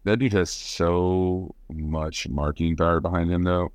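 Deep-voiced wisecracking podcast co-host. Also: male voice, fairly even intonation, a little slow, no room sound, clean studio sound. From Louisiana. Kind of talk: casual chat.

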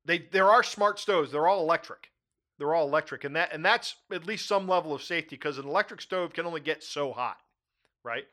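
A middle-aged man hosting a casual talk show, animated and quick to laugh, often repeating his words. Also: on the high side. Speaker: podcast host. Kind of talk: casual chat.

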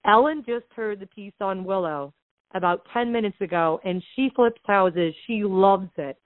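A woman retells a story with lots of energy, slipping into the voices of the people she quotes. Her voice is mid-pitched and comes through a narrow, phone-like line. The sound is dry, with no room around it. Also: normal speed, dry recording. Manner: animated retelling that acts out quoted dialogue. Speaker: podcast guest, real estate investor. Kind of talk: casual storytelling.

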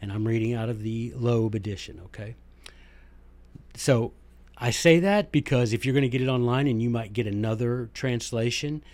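A man hosting a podcast in a casual monologue, talking fast and excitedly with restarts and emphatic asides. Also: mid-range voice. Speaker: podcast host and former teacher.

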